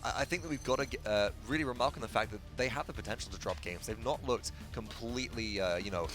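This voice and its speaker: A man with a British accent, analysing a match at a live esports desk in a quick, fluent, analytical way. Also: medium pitch, music in the background.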